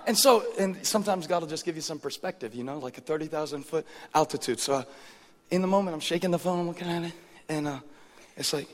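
A man in his thirties, a pastor preaching a sermon, telling stories in an animated way that swings from hushed asides to loud exclaims. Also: a little high, fast talker. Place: church sanctuary. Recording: reverberant church hall with faint music.

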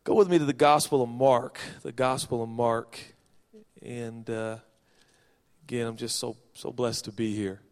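A man from Seattle preaching a sermon as a pastor, reading scripture with folksy joking asides and swinging from soft to loud. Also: medium pitch, steady tone, unhurried, smooth. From Seattle, Washington, USA. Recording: long reverb of a large hall.

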